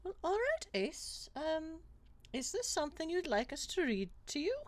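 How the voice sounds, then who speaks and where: Animated woman playing a tabletop game. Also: sits high. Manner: animated, laughs often, quick asides. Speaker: player. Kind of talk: casual tabletop role-play.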